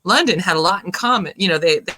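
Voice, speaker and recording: A woman, chatting as a guest in a relaxed interview, lively and laughing often. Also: lowish voice, fast, dry recording. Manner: lively, laughing, animated storyteller. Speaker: guest, singer and voice actor. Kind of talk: casual video-call chat.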